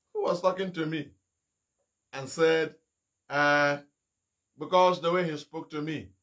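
High-voiced, bright-toned fiery male preacher. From Nigeria. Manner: rhetorical questions and sudden shouted rebukes. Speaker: evangelist preacher. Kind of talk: fiery sermon.

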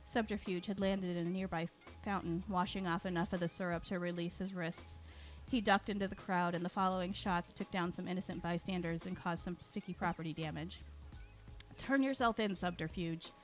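A woman reading a story aloud as its storyteller, giving the characters lively voices and often clearing her throat. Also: fairly low pitch, fairly quick, few pauses, soft background music.

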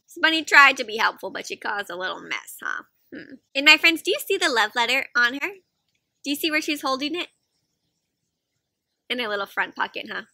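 A woman reading a picture book aloud to children, animated and asking the listeners questions as she goes. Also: on the high side, fairly quick, gravelly, no room sound. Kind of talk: interactive read-aloud for kids.

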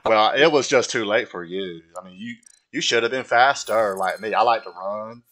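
A man doing an impression of a slow, simple-hearted southern man from a film, with a folksy drawl, while gaming. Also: fairly low pitch, a bit bright, close to an everyday voice.

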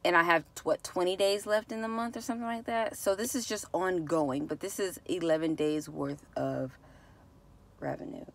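A woman's voice: fairly low pitch, normal speed, vocal fry, background noise. A woman talking to her viewers in a casual vlog, heartfelt and repetitive, close to tears. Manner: heartfelt, repeats herself, says y'all. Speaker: vlogger.

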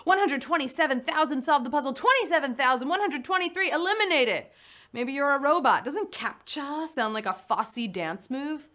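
A woman's voice: high voice, animated, moderate pace, pushed and bright. A young woman hosting a live quiz show, playful and punny, chatting with her players. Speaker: game show host. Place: studio in New York.

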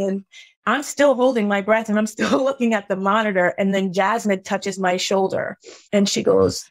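A middle-aged woman, a podcast guest, telling a painful personal story in an earnest, heartfelt way, halting at the hardest moments. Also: medium pitch, fairly even intonation, dry recording.

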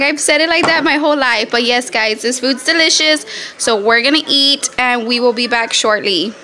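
A pregnant vlogger chats casually with her viewers, laughing a lot and sounding very full after eating, first at a restaurant and then at home by the Christmas tree. Her voice is a little high, pushed and bright, at a moderate pace.

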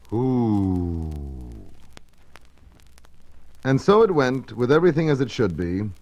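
A man narrating children's stories on a storybook record, in an expressive, measured storytelling manner. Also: on the low side, rough recording.

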